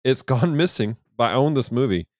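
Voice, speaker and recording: A man co-hosting a casual movie podcast, telling stories in an animated way and laughing often. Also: medium pitch, brisk, no room sound, clean studio sound. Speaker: podcast co-host. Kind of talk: casual chat.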